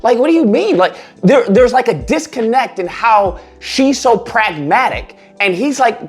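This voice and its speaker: Man, casual online commentary, animated, mocking asides, lively pitch. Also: a little slow, hardly any pauses, slightly rough, soft background music. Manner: animated, mocks others in a high put-on voice.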